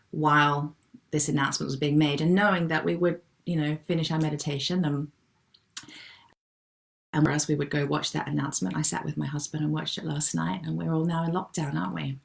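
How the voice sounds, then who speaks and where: A middle-aged woman hosting a live online wellbeing session, gently and affectionately reading out viewers' comments and replying to them. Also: sits low, steady tone, normal speed, gravelly. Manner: gentle, affectionate, calls people darling.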